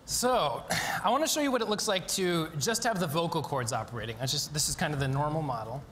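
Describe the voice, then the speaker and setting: A man's voice: on the high side, animated, fast, fairly bright tone, a little hiss or hum. A man giving a live conference talk, explaining a demonstration eagerly with frequent ums and restarts, in a university lecture hall. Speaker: conference speaker.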